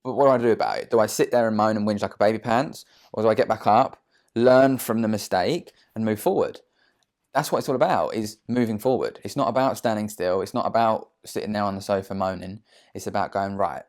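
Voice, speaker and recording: A man talks casually to camera from his sofa at home. His voice sits low, and he speaks bluntly and chattily, with plenty of slang and "um"s. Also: a little fast, a little mellow. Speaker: trader vlogger. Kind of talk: casual motivational talk to camera.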